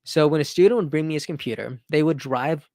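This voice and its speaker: A man's voice: on the high side, fairly quick, darkish tone, dry recording, studio quality. A man in his thirties hosting a casual live stream and answering viewer questions, earnest and enthusiastic, often restarting phrases and adding "right?". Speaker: livestream host.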